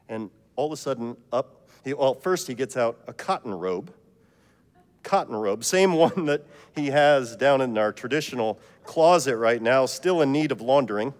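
Joking pastor in an echoing church. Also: male voice, medium pitch, lively intonation, moderate pace. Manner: joking, conversational storytelling. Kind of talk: sermon with joke story.

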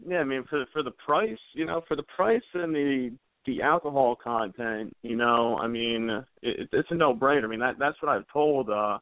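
Halting man on a dry phone line. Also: mid-range voice, no room sound. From New Jersey. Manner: halting, many fillers and restarts. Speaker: podcast guest. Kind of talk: casual chat. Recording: tinny phone-like sound, dry.

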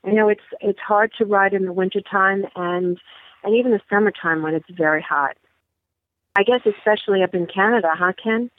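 A woman with a New York accent, chatting as a listener guest on a podcast roundtable, enthusiastic and full of quick exclamations. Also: medium pitch. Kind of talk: casual roundtable chat. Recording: tinny phone-line audio.

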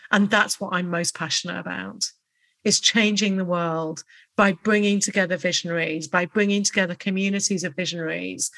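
A woman hosting her own podcast, speaking alone in an unhurried, earnest and reflective way. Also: fairly low pitch, fairly bright tone. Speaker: podcast host. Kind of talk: solo motivational podcast talk.

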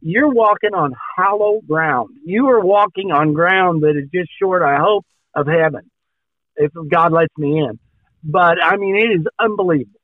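A golf podcast co-host from Oklahoma tells a story in a high voice, acting out both sides of each exchange. The sound is dry and narrow, like a phone line. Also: male voice, measured pace, no room sound. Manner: animated anecdote-telling, acts out dialogue. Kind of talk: casual storytelling.

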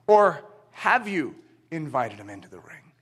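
A man preaching a sermon, animated and storytelling, acting out quick dialogue in his illustrations. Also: a little high, breathy edge.

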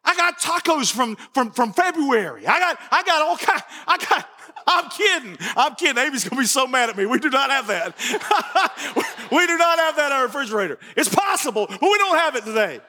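A man preaching with a very high, bright, sharp voice, animated and joking and often repeating himself. His voice rings through a church sanctuary with a long reverb. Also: normal speed. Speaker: pastor. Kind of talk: sermon.

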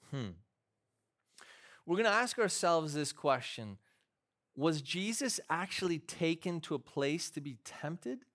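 A man's voice: fairly high pitch, very animated, slow pace, long pauses, a bit bright. A man, a pastor, preaching a sermon in a church, moving from conversational storytelling to fervent, emphatic preaching.

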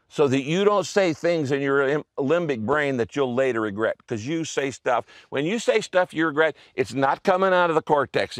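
Male pastor, mid pitch, chatty sermon delivery with frequent asides, dry close sound. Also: dry recording. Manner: conversational preaching, many asides and checks.

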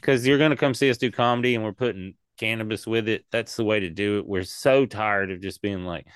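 A man's voice: fairly low pitch, brisk, smooth, no room sound, studio quality. A man co-hosting a podcast, rambling and swearing in casual chat about comedy shows. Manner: rambling, animated, swears a lot.

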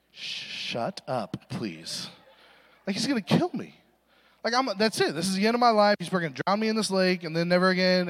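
A young adult man giving a sermon, telling a funny story and acting out voices in a self-deprecating way. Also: high voice. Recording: reverberant hall recording.

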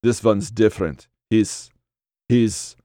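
A sinister magician with a grainy voice, low, relaxed and always in control, as a male narrator voices him. His deep tone stays calm and measured. The recording is dry and close. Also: no room sound. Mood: hesitant.

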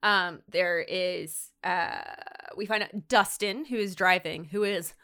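A woman's voice: fairly low pitch, takes it slowly, pushed and bright. A woman co-hosting a podcast, recapping a TV episode in casual, sarcastic chat full of "like". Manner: sarcastic, chatty, lots of "like". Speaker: podcast co-host.

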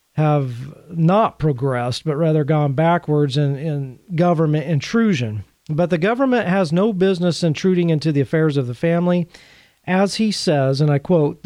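Earnest man teaching, slightly high voice. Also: darkish tone, dry recording. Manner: earnest, conversational, dryly sarcastic asides. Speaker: Catholic teacher presenting a series. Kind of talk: teaching talk to camera.

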